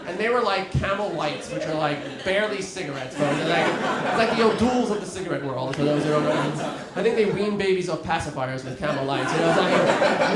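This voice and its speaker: A man's voice: a little high, lively intonation, a little fast, hardly any pauses. Self-deprecating man in his thirties, roomy club. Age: 30s. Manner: rambling, self-deprecating, with filler words and restarts. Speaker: stand-up comedian. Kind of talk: stand-up comedy set. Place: comedy club stage before a live audience. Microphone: handheld stage mic with dropouts. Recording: roomy club sound with crowd laughter.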